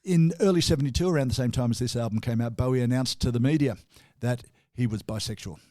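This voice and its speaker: An Australian man talks through music history in casual chat, chuckling and restarting his sentences as he goes. His voice sits at an ordinary middle pitch. It is recorded close and dry, with no room sound. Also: fast, mellow, no room sound. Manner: chatty, chuckling, many restarts. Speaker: radio co-host.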